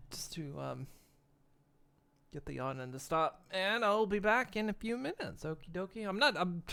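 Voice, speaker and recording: A man's voice: a little high, sharp tone, smooth. A man chatting casually on a long live stream, laid-back and rambling, laughing often and yawning between lines.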